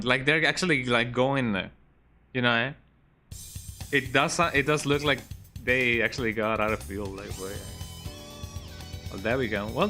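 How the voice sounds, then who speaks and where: A man streaming a video game, giving relaxed, rambling commentary with joking asides. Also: medium pitch. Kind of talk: casual gameplay commentary. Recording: game capture with loud music. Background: game music and sounds.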